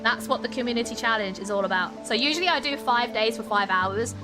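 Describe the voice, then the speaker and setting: A fast-talking British woman with a voice on the high side streams a game and chats with her viewers as she plays. The audio comes from a desk mic with webcam, with game music behind it.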